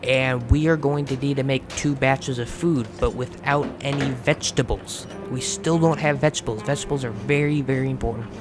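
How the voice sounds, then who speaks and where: A man's voice: mid-range voice, steady tone, brisk, few pauses, over music. Casual American man narrating his gameplay. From United States. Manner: chatty, swears freely, restarts words. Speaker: gaming channel host. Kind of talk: casual let's play commentary.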